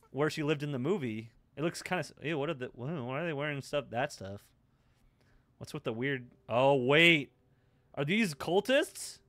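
A man's voice: on the high side, fairly bright tone. A young man hosting an anime reaction, blurting questions, swearing at the screen and cooing over cute moments. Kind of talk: live anime reaction commentary.

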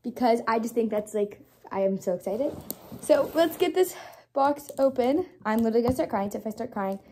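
A young woman unboxing a doll for her vlog, gushing and squealing with excitement and repeating exclamations. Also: on the high side, fairly quick, a little hiss or hum. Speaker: doll collector vlogger.

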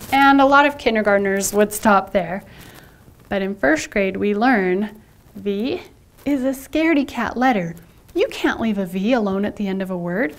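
A woman teaching first graders sight words, animated and spelling out letters one at a time. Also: on the high side. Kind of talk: sight word lesson for children.

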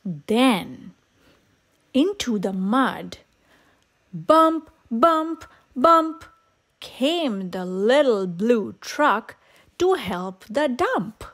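A woman reading a children's picture book aloud, expressive and sing-song in her delivery. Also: medium pitch, drawn-out words, husky. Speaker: storyteller. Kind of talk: children's read-aloud storytime.

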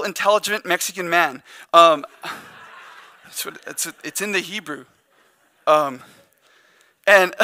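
A male pastor preaches in a loose, joking, conversational way, telling a story with lots of animation. His voice sits fairly high and is very bright and forceful, with a dry, close sound. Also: dry recording. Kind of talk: sermon.

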